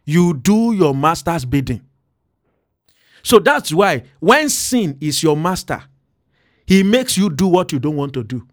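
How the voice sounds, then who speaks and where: A man hosting a daily devotional podcast as a pastor, preaching earnestly and slowing down to stress key words. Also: on the high side, dry recording, clean studio sound.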